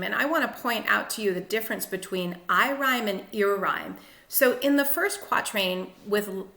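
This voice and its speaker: A woman literature teacher explaining a sonnet in a clear, methodical lecture. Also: medium pitch, pushed and bright, roomy sound. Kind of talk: lecture-style poetry analysis.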